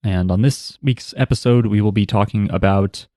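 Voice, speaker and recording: A man's voice: lowish voice, normal speed, dark tone, dry recording, clean studio sound. A man hosting a casual podcast, joking and rambling, swearing freely. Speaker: podcast host.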